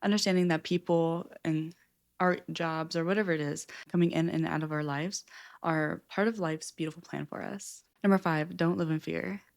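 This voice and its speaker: A woman's voice: deep voice, steady tone, moderate pace, gravelly. A young adult woman vlogging about a self-help book, talking in an earnest, open way with frequent "like" fillers. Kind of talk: candid personal reflection.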